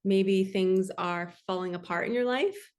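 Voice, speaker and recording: A woman's voice: mid-range voice, unhurried, darkish tone. Passionate rambling woman reading tarot. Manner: passionate, rambling, says "like" often. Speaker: tarot reader and spiritual coach. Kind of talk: casual tarot reading talk.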